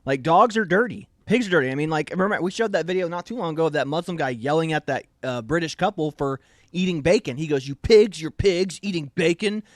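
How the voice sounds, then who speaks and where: Male host, somewhat high voice, dry close sound, pushy and indignant opinion commentary. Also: quick pace, a bit bright, no room sound. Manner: emphatic, indignant. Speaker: show host. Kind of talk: opinion talk show commentary.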